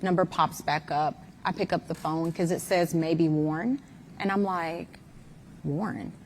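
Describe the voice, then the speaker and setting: A woman's voice: fairly low pitch, steady tone, moderate pace, a little hiss or hum. Woman recounting a night, hesitant. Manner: hesitant, detailed retelling with fillers. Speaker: mother recounting events. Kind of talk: interview account.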